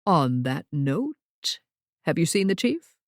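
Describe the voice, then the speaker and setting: A woman's voice: low-pitched, sing-song, slow, no echo, studio quality, exaggerated voice. Neville, a woman doing a fussy, theatrical wizard. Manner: formal and theatrical. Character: fussy, dramatic older male wizard clerk.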